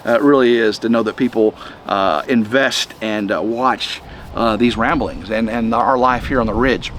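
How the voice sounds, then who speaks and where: A middle-aged man, talking to the camera outdoors in the wind in a halting, rambling way, a little chest-congested. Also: lowish voice, a bit bright. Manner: rambling, halting, many restarts. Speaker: vlog host. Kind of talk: casual rambling vlog.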